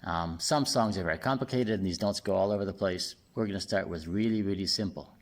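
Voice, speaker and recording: A man giving a casual singing lesson, explaining step by step and often checking in with "right?" while playing a bass guitar. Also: quick pace. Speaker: singing teacher.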